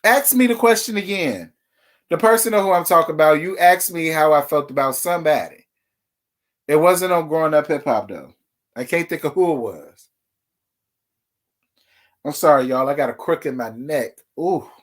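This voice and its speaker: Man, livestream gossip host, sassy, chatty, slightly high voice. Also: normal speed, long pauses. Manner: sassy, chatty, talks straight to viewers. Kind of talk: casual reality TV gossip livestream.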